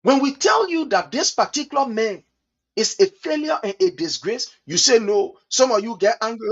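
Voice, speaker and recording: A Liberian man giving impassioned political commentary in a preachy, repetitive way, acting out other people's words in quick asides. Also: very high voice, animated, breathy edge, highs cut off.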